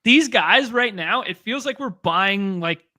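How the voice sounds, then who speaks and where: A man co-hosting a fantasy sports show, talking eagerly and thinking out loud about draft picks. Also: high voice, lively intonation. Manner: eager, quick, thinks aloud. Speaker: fantasy sports podcast host. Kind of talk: casual chat.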